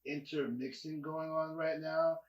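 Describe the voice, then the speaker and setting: A man's voice: fairly high pitch, flat delivery, a little slow. A man co-hosting a casual podcast, speaking bluntly with frequent cursing. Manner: blunt, profane, outspoken. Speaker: podcast co-host. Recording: echoey room, dull lo-fi mic.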